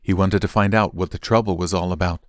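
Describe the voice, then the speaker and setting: Male scripture reader with a low, steady voice and a measured, unhurried read. Dry, close sound. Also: dry recording. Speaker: Bible reader.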